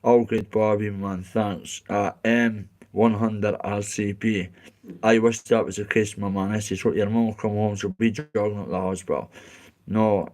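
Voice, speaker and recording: Low-voiced Scottish man, blunt and sweary. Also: fairly even intonation, a little slow, darkish tone. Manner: blunt, candid, sweary, heartfelt. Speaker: livestreamer reading chat. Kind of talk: casual live-stream chat.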